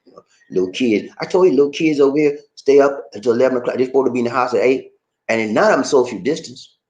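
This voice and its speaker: A man hosting a casual livestream from the Philippines, reading out viewer comments and chatting in an animated way that jumps up into high excited shouts. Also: fast talker, highs cut off. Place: home in the Philippines.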